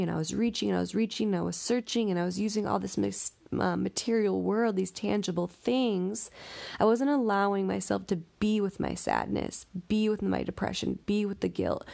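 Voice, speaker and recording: A woman's voice: medium pitch, gravelly, darkish tone. A woman giving a reflective spiritual talk, earnest and direct with the listener, building her points by repetition. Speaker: spiritual speaker.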